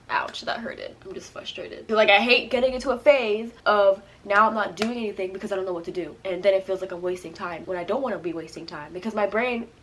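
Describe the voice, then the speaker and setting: A woman in her early twenties rambles through a casual sit-down vlog, full of restarts and filler, tearful and crying at times. She speaks at an ordinary middle pitch into her camera at home. A faint hiss of noise sits under her voice. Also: fairly quick, a bit bright. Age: early 20s. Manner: rambling, restarts sentences, many "like"s. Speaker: vlogger.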